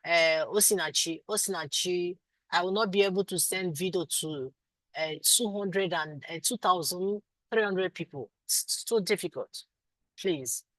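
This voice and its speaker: Low-voiced Nigerian woman teaching online. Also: measured pace, fairly bright tone, no room sound, poor audio. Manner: affectionate, calls students sweetie and my love; firm, insistent teacher. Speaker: instructor. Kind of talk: live online class Q&A.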